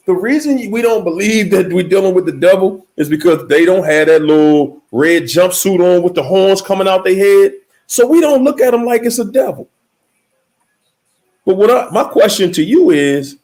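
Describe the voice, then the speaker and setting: Livestream host, man: emphatic and preachy, a high, very lively voice that jumps from loud exclaims to low mutters. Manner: emphatic, preachy, talks straight to viewers. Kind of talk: motivational livestream talk.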